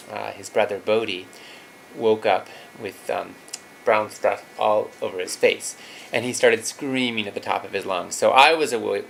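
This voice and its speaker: A man's voice: lowish voice, fairly bright tone, slight background noise, rough recording. A man in his thirties telling a personal story as a father, earnest and reflective, with some fillers.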